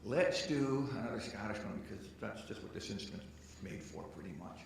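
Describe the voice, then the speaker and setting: A man's voice: lowish voice, animated, brisk, vocal fry, far from the mic. A man, a folk musician, telling stories between songs at a live concert and joking with the audience. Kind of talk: on-stage storytelling between songs. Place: arts center stage, live concert. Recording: echoey hall, mic from afar. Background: guitar music.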